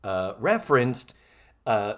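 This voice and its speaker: A man co-hosting a casual podcast, recapping a sitcom episode with animated delivery and free swearing. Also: lowish voice, takes it slowly. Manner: animated, swears freely, acts out quoted lines. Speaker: podcast co-host.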